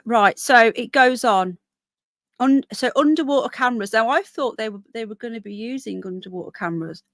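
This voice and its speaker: Chatty woman live-streaming, a bit hoarse. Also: on the high side, normal speed, dry recording. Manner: chatty, reads out viewer comments and news text. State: hoarse, voice keeps going. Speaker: livestreamer. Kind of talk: casual live-stream chat, reading chat and news aloud. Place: outdoors in a small town.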